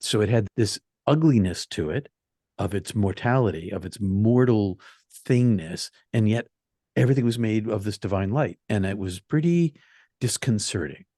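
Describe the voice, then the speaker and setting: A man being interviewed, telling his near-death experience in an earnest, halting way that repeats phrases. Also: lowish voice, animated, mellow, no room sound, studio quality. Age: young adult telling of age 20, now older. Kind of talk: personal storytelling interview.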